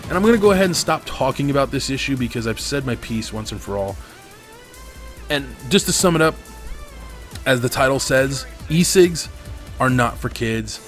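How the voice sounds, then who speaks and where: A man's voice: medium pitch, animated, moderate pace, long pauses. A man rants through his gameplay commentary, swearing and venting his frustration. His voice sits in a middle range. Faint music plays underneath. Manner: profane, venting, angry. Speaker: gaming commentator.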